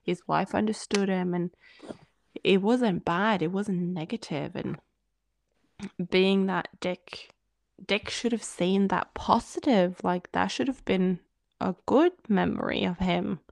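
Medium in pitch and gravelly, this woman speaks slowly while co-hosting a podcast. She spins an animated story in a casual chat, voicing the quoted lines herself, with no room sound on the recording.

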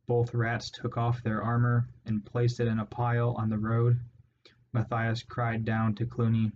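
Man narrating a storybook in a flat voice. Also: on the low side, a little slow. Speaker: audiobook narrator. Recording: dull lo-fi audio, faint hiss.

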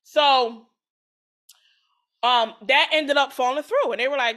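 A woman co-hosting a casual chat, retelling a story with lively acted-out quotes and frequent laughter. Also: sits high, slow. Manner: animated storytelling, acts out quoted voices, laughs often. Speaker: podcast co-host retelling a story.

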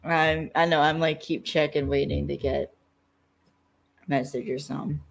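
A woman's voice: deep voice, fairly even intonation, normal speed, vocal fry. A woman co-hosting a casual podcast, recapping an episode with wry asides. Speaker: podcast co-host.

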